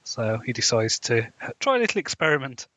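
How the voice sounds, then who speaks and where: Podcast guy summing up a film plot, dry asides, flat dull mic. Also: medium pitch, fairly quick, no echo. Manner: chips in with short plot summaries and dry asides. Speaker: podcast co-host. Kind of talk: casual film review chat.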